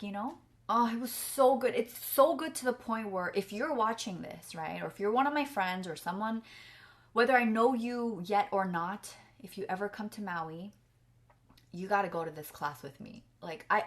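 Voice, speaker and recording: A woman's voice: mid-range voice, fairly bright tone. A young woman chatting casually to camera as a vlogger, earnest and effusive, filling her talk with "like" and "you know.". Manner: chatty, filler-heavy with frequent "like".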